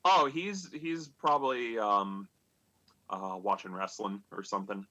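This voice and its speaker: A man's voice: on the low side, steady tone, unhurried, bright, forceful tone. A man telling a comic family story on a live video-call show, hesitant with plenty of fillers and restarts. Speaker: stand-up comic. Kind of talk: comedic storytelling.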